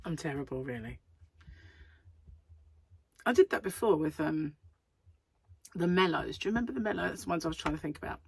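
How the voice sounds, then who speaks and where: A woman's voice: sits low, expressive, a little fast, gravelly, long pauses, a little mellow, slight background noise. A middle-aged woman, chatting casually and rambling to camera as a crochet vlogger, laughing often.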